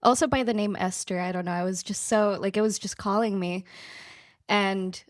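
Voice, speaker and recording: A woman's voice: medium pitch, steady tone, moderate pace, no room sound, clean studio sound. A woman actress speaking as a guest in a casual podcast conversation, earnest, effusive and grateful.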